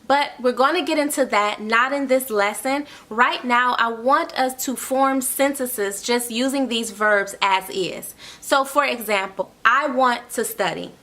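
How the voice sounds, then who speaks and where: Woman tutor doing an online lesson, bright tense voice, repeats stuff and keeps asking okay?. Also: fairly high pitch, a little slow, hardly any pauses. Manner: explains step by step, repeats phrases, often checks in with "okay?". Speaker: Spanish tutor.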